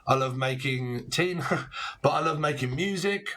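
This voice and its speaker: A man's voice: medium pitch, a little slow, pushed and bright. A man in his forties giving a casual tarot reading, rambling with puns and frequent swearing. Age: 40s. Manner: rambling, punning, swearing freely. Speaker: tarot reader.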